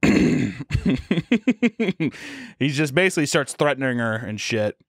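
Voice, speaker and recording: A man's voice: medium pitch, expressive, unhurried, vocal fry, fairly bright tone, no echo, clean studio sound. A young man co-hosting a casual comedy podcast, riffing and jumping into character voices as he tells scenes. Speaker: podcast co-host.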